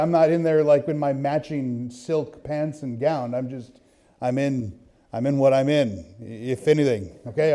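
A man preaching a sermon, telling a story and then reading scripture, swinging from hushed asides to loud bursts. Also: on the high side. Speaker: pastor.

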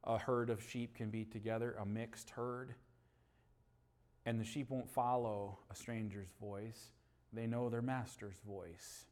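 A man preaching a sermon, moving between loud emphatic passages and quiet, low stretches, with homely stories about his dog and family. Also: steady tone, a little slow.

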